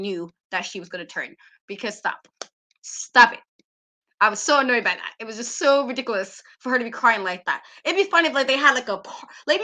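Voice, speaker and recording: Sassy young woman ranting on a talk show, high voice, bright and sharp, acts out whiny crying bits. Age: young adult. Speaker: co-host. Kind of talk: animated casual rant.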